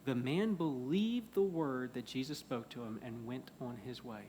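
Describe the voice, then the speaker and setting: A pastor preaching a sermon in a church, earnest, moving between loud emphasis and hushed pleading. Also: male voice, mid-range voice, normal speed, slight background noise. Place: church sanctuary.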